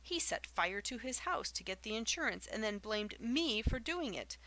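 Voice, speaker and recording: A woman doing a loud spiteful old village gossip. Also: fairly high pitch, very animated, normal speed. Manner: loud derisive gossiping with rustic dialect.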